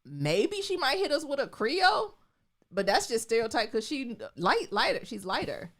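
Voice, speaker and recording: A woman co-hosting a podcast, chatting casually in an animated, candid way and swearing freely. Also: on the high side, normal speed. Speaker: podcast co-host. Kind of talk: casual chat.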